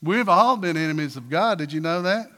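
A man preaching a sermon as pastor, asking the congregation questions and breaking into loud, emphatic bursts. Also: high voice, lively intonation, fairly quick, noisy background. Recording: reverberant hall with faint music.

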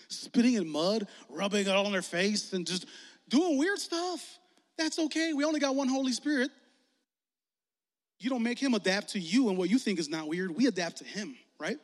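A young man preaching as a youth pastor in a casual, animated way, acting out quoted voices as he leads an altar call. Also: fairly high pitch. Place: large hall with audience. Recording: long hall reverb.

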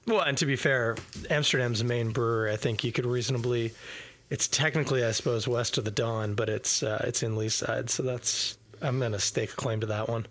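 Gravelly-voiced relaxed male podcast host. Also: mid-range voice, fairly quick. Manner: relaxed, hesitant with many uh's. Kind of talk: casual chat.

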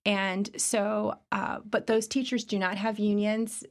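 A woman's voice: mid-range voice, little pitch movement, a little slow. A middle-aged woman from Virginia speaks unhurriedly in a casual podcast conversation. She is chatty, laughs easily and leans on fillers as she measures her words.

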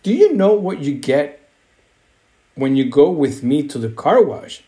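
A man voicing a cheerful father gently coaxing his son in a storybook reading, asking playful questions. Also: a little high, very animated, a little slow.

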